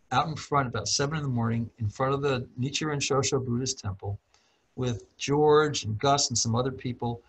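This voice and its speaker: A middle-aged man, a professor, calmly telling a personal story in a talk, often clearing his throat and restarting his sentences. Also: mid-range voice, low-quality recording. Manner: calm, reflective, frequent throat clearing and restarts. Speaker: professor and author.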